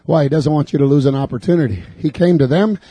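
A man preaching a fervent sermon in a church, building repeated declarations up to shouts. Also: fairly high pitch, fast, slightly rough, no room sound. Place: church sanctuary.

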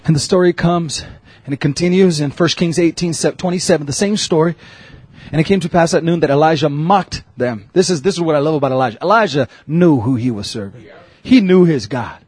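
A man preaching a sermon, swinging from quiet storytelling to loud shouted exhortation. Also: on the high side, brisk, slightly rough, dry recording. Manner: preaching with rising shouts and laughs. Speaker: pastor.

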